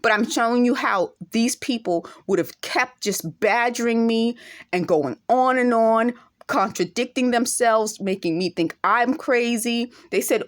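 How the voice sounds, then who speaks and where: An indignant vlog monologue comes from a woman with an accent and a slightly high voice, speaking unhurriedly to camera. She keeps throwing out emphatic rhetorical questions.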